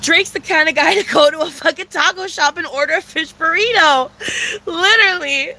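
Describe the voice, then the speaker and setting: Young woman vlogger, high bright voice, dramatic profane storytime rant. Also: moderate pace, a little hiss or hum. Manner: dramatic, profane, heavy filler slang.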